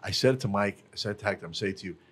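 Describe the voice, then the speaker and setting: A man's voice: on the low side, rapid-fire, slightly rough. A man hosting a casual podcast interview, enthusiastic and profane, encouraging his guest. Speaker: host.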